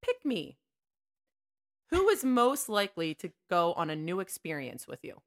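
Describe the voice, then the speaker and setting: A woman's voice: lowish voice, huge pitch swings, measured pace. A woman co-hosting a casual talk show with her mother, playfully asking game questions. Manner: playful, laughs often. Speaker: podcast co-host, daughter. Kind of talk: casual chat, running a game.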